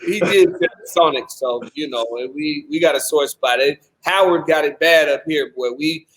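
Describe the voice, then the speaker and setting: A male host in casual live-stream chat, pitching deals with hyped, playful banter. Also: moderate pace, fairly bright tone. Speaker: show host. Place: Seattle.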